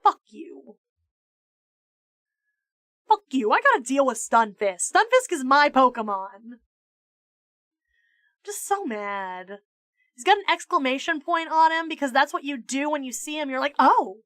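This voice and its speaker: A woman's voice: high-pitched, fairly quick, few pauses, dry recording, clean studio sound. A woman streamer chatting casually on a live stream, mock-ranting with plenty of swearing and stammered restarts. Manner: animated, profane mock-ranting. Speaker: VTuber streamer.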